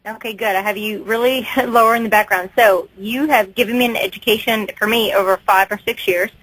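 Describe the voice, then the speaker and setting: A woman's voice: mid-range voice, fairly even intonation, a little fast, a bit bright, slightly rough, no echo, poor audio. A woman in her thirties from Texas, calling a radio show, earnest and grateful, rambling a little. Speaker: radio caller. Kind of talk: phone-in call.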